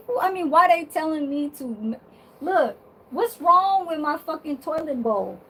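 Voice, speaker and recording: A high-pitched woman vlogging from her bedroom, talking straight to her viewers. She takes her time and drawls her words, sassy and blunt, with plenty of swearing and laughter. Her tone is casual and talkative throughout. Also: expressive, measured pace, bright, forceful tone, slight background noise, low-quality recording.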